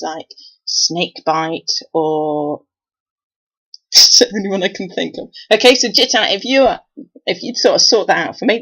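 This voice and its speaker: A woman records a casual video message. Her voice sits on the low side and she rambles chattily, filling the gaps with ums and uhs. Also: a bit bright, dull audio. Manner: chatty, rambling with many fillers. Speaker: event organiser.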